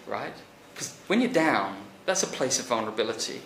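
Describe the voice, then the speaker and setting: A man preaching a conversational sermon, animated, rising to emphatic peaks and then dropping quiet. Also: medium pitch, brisk, few pauses. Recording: echoey church hall recording.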